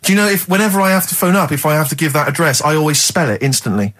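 A man's voice: a little high, very fast, a bit bright, breathy edge. A man from Bristol co-hosting a radio show, who talks earnestly and insists on his point in casual banter. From Bristol, England. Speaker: radio co-host. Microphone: studio microphone.

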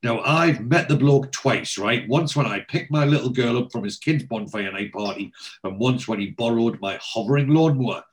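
A man's voice: medium pitch, moderate pace, lightly acted. A man voicing a flashy middle-aged London crook with a London accent, chummy and persuasive. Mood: wheeling-dealing.

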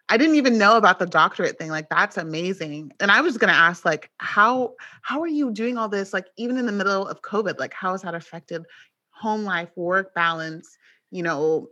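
A woman's voice: medium pitch, pushed and bright, highs cut off. A woman co-hosting a podcast interview, talking in a bubbly, effusive way with lots of "like" fillers. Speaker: podcast co-host.

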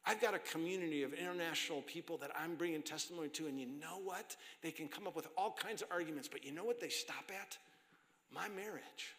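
A middle-aged man preaching a sermon with passion, swinging from loud emphasis down to hushed, whispered lines. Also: a little high, a little fast. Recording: long hall reverb with faint music.

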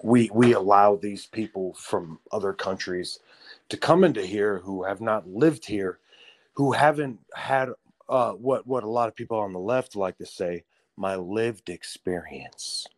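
A man's voice: lowish voice, measured pace, no room sound. Blunt, profane man ranting. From United States. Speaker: podcast co-host. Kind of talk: casual opinionated chat.

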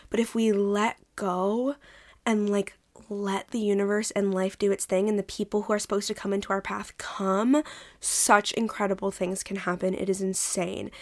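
A woman in her twenties hosting her own podcast, talking candidly and chattily in a casual solo monologue, swearing now and then. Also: medium pitch. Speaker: podcast host.

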